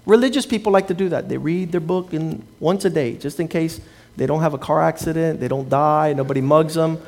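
A pastor preaching in a notably high voice for a man. He tells his stories with life and puts on the voices of the people in them, moving between quiet asides and louder punchlines. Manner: storytelling, acting out the people he quotes. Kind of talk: sermon.

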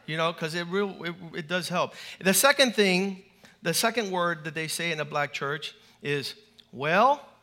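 A man preaching a lively sermon in a church to a large congregation, animated and playful, leading call-and-response. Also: on the high side, moderate pace.

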